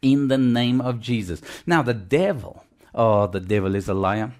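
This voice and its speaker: A man's voice: mid-range voice, moderate pace, a little mellow. A man preaching a sermon with emphasis, repeating phrases and calling on the congregation for an amen. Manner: emphatic, call-and-response, repetitive.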